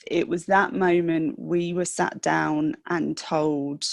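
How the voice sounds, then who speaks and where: A young woman, a podcast guest, telling the story of her sick child in a halting, emotional way with many restarts. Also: low-pitched, level tone, creaky, no room sound. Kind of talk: personal storytelling in a podcast interview.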